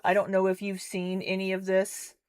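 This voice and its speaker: A woman hosting a reaction commentary, speaking slowly and gently and reassuring a viewer. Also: mid-range voice, completely flat delivery, clean tone. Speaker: commentary channel host.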